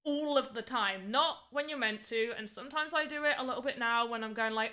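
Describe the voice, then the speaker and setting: A woman's voice: a little high, fairly quick, hardly any pauses, sharp tone. A young woman chatting casually and rambling on a livestream while she works on voxel art. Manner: chatty, rambling, frequent "like" fillers. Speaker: streamer.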